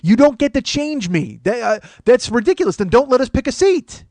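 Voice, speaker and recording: A man in his forties hosting a podcast, telling a comedic story in a profane, ranting way that builds to loud exasperation. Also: very high-pitched, sing-song, brisk, no echo. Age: 40s. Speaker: podcast host.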